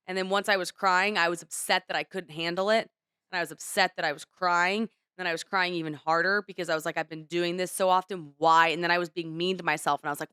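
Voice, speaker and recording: Young woman co-host, lowish smooth voice, dry close sound, candid rambling chat. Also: fairly bright tone, no room sound. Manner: candid, rambling, emotional retelling. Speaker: podcast co-host. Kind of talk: casual chat.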